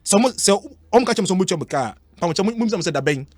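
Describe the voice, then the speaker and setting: A Ghanaian man talks fast and firmly on a sports radio show, moving between Twi and English. His voice is a little high, and the studio sound is dry. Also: animated, a little mellow, no echo.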